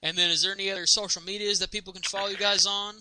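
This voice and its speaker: A man's voice: high voice, little pitch movement, racing, a crowd in the background, low-quality recording. A man hosting a podcast interview, upbeat, wrapping up and plugging his guest's links. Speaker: podcast host. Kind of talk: casual interview.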